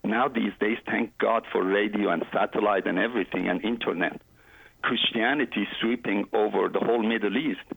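A man in his forties from Iran, speaking with an Iranian accent as a guest, heartfelt and halting as he tells his story. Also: on the low side, steady tone, creaky, a bit bright, breathy edge, no room sound, poor audio. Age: 40s.

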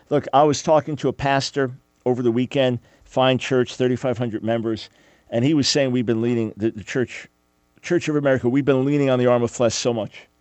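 A man's voice: medium pitch, darkish tone, dry recording. A man hosting a radio talk show, preaching fervently and emphatically, often repeating his phrases.

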